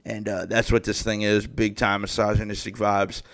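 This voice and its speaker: Profane, animated young man hosting a podcast. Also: on the low side, moderate pace. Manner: heavy profanity, animated and exasperated storytelling. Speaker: podcast host. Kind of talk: casual solo podcast rant.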